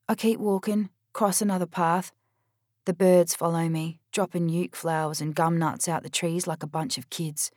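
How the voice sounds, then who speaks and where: Woman, audiobook narrator, low-pitched and blunt, dry booth. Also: steady tone, normal speed, a little mellow, no room sound. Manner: blunt, wry, streetwise teen narrator voice. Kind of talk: first-person audiobook narration.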